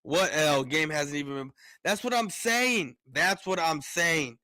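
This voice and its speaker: A man's voice: on the high side, lively intonation, measured pace, sharp tone, no room sound. A man ranting on a casual sports live stream, fired up, repeating words and restarting his sentences often.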